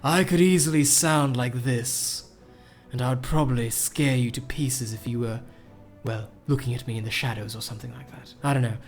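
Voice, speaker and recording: A menacing shadow-dweller with a dark, deep, slow voice, as a man puts it on. It looms low and measured, far below his usual register, with soft music underneath. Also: natural voice.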